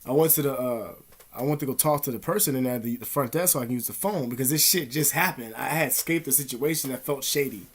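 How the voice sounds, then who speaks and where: A man vlogging in a rambling, profane, animated storytelling monologue. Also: medium pitch, fast talker, slightly rough. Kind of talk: casual monologue.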